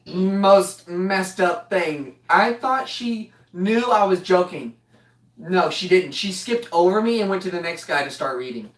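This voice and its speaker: A man's voice: high-pitched, unhurried. A young man rambles through a funny story, joking and laughing as he goes. His voice sits in a roomy space, picked up from a distance rather than close to the mic. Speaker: vlogger telling a story.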